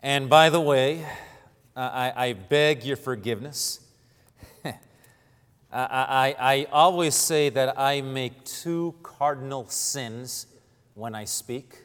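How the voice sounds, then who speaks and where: Cuban-born preacher, plain mid voice, unhurried; builds to loud emphatic scripture reading in a reverberant hall. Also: male voice, medium pitch, clean tone. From Cuba. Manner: stammering restarts, self-deprecating humor. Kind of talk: sermon. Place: church sanctuary.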